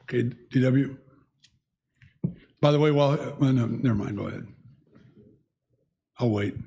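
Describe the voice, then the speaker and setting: A man's voice: mid-range voice, unhurried, gravelly, mellow. A man teaching a church Bible class, talking conversationally and asking the group questions. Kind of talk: leading a church class discussion.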